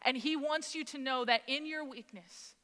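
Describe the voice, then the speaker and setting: A woman in her thirties preaching a storytelling sermon in a church, acting out the conversations in a chatty, animated way. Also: high-pitched, fairly quick. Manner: animated, acts out dialogue, conversational with many "like"s. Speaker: speaker at church service. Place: church sanctuary. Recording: long reverb of a church hall.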